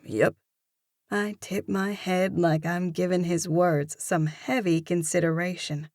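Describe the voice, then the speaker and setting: A woman narrating a first-person romance audiobook, in a measured, expressive manner. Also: on the low side, dry recording, clean studio sound.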